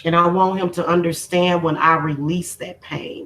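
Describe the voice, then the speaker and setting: A woman's voice: fairly low pitch, steady tone, normal speed, hardly any pauses, a bit bright, poor audio. A woman hosting a spiritual channel, talking casually on a livestream in a heartfelt, emotional, informal way.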